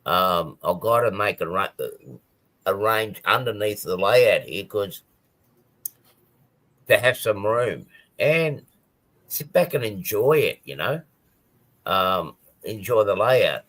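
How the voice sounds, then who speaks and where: A man's voice: on the low side, lively intonation, slow, pauses often, a bit bright. A man chatting casually on a live stream about his model railway, rambling with many ums and restarts.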